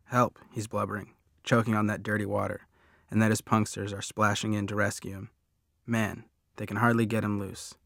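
A man reads a first-person audiobook in a low, fairly flat voice, steady and plain. The close studio mic leaves the sound completely dry. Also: a little fast, vocal fry, no echo. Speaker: audiobook narrator.

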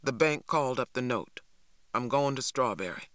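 A man voicing a stern, weary farmer father who speaks low, quiet and clipped. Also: normal speed, no room sound, studio quality, natural voice. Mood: grim.

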